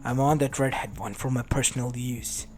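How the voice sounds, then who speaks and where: A man's voice: medium pitch, fairly even intonation, normal speed, darkish tone, voice pushed down, lightly acted. A man voicing a lecherous, crude male rogue ninja leader, mocking and vulgar, over faint background music. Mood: sneering.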